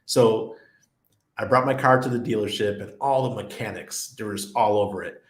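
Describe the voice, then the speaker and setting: With a fairly low, animated voice at a moderate pace, this middle-aged crypto livestream host reads out viewer comments and wanders through anecdotes, laughing often. There's a roomy echo on the recording.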